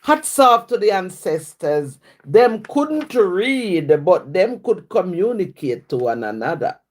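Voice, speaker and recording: A Jamaican woman with a Jamaican accent, a writer and poet, recites her own rhyming poems in a rhythmic patois cadence on a live stream. Afterward she chats relaxedly with viewers, using fillers. Her voice is lowish and her pace slow.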